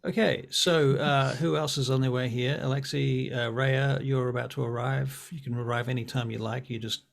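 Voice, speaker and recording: A man narrating as game master of a tabletop role-play, relaxed and joking. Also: mid-range voice, moderate pace, creaky.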